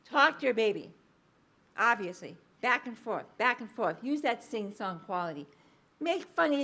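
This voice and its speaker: A woman giving a public lecture as a researcher, explaining findings in a lively storytelling way, with frequent ums and uhs. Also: a little high. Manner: lively anecdotal storytelling, acting out quoted speech.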